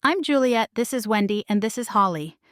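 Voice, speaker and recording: A woman voicing a gentle, motherly woman who takes charge, in an audiobook. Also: a little high, lively intonation, a little fast, no room sound, clean studio sound, natural voice. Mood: caring. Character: calm motherly woman baker friend.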